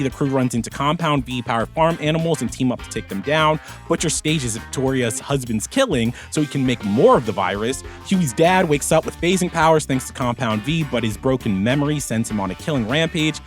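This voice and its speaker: A man co-hosting a podcast, eager and excitable in chat, reading an episode recap. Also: medium pitch. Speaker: podcast co-host.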